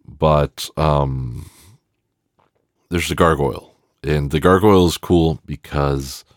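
A man's voice: very deep voice, no echo, studio quality. A man giving a rambling, casual film commentary, swearing freely and trailing off in restarts. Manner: rambling and profane, with many fillers and restarts. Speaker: film reviewer.

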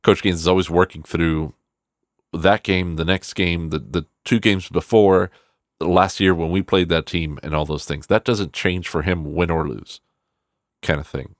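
Very deep-voiced man, dry close mic, loose profane film-review chatter. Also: unhurried, no room sound. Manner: rambling, profane, animated quoting of characters. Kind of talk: casual spoken film review.

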